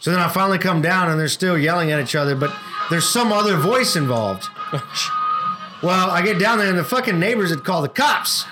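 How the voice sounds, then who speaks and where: A man's voice: sits high, animated, a little fast, music in the background. A man co-hosting a casual podcast, telling a work story with lots of swearing and acted-out quotes. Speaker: podcast co-host.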